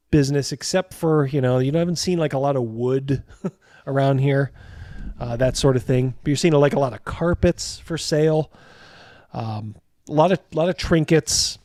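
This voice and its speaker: A man's voice: mid-range voice, a little mellow, dry recording, studio quality. A man narrating a tabletop game as game master in a casual, rambling way, laughing often.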